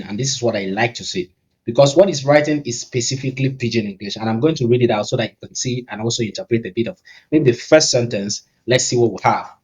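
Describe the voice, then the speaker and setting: Walking through a casual screen-recorded tech tutorial, a Nigerian man with a Nigerian accent thinks aloud in an upbeat, relaxed way as a YouTuber. His voice is medium-pitched, and the recording is rough.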